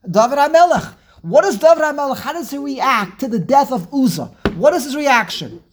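A woman teaching an animated Torah class, emphatic and dramatic, with rhetorical questions and frequent restarts. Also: sits high, fairly quick, noisy background.

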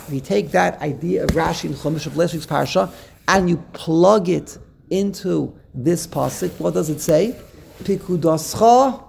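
Gravelly man teaching a text lesson. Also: a little high, dark tone. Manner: explains step by step, quotes verses in Hebrew; checks in with "okay?", repeats words while thinking. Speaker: Torah teacher.

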